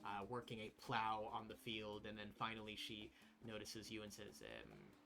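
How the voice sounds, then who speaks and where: A man narrating a tabletop role-playing game as game master, relaxed and descriptive with frequent fillers. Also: on the low side, normal speed, slight background noise.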